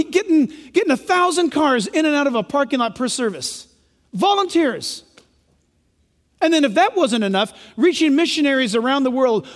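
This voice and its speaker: High-voiced, animated male pastor preaching. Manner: animated and joking, acting out quoted voices. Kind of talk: sermon. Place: church sanctuary. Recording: long church hall reverb.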